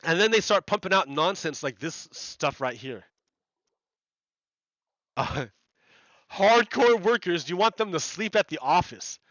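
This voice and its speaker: Heated male streamer, high bright voice, dry lo-fi mic; rambling, repetitive rant. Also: expressive, a little slow, pauses often, no echo. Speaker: video game streamer commenting on news. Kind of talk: casual rambling commentary.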